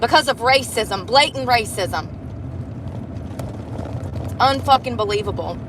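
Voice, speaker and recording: A woman's voice: a little high, measured pace, noisy background. A woman vlogger ranting angrily and swearing heavily while out in and around her car. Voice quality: heavy swearing, frustrated. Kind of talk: angry profane rant.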